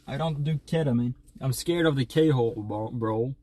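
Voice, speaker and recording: A man's voice: medium pitch, moderate pace, dark tone, dry recording. A young man from Sweden, chatting playfully as a streamer and reading donations in a rambling way. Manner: rambling, playful, stumbling restarts. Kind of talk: casual livestream chat, reading donations.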